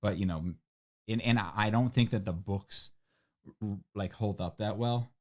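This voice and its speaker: A young man co-hosting a livestream, chatting casually with lots of fillers and restarts. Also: moderate pace. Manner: rambling, many fillers and restarts, voice jumps high when excited. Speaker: livestream co-host. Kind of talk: casual chat. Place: home livestream room.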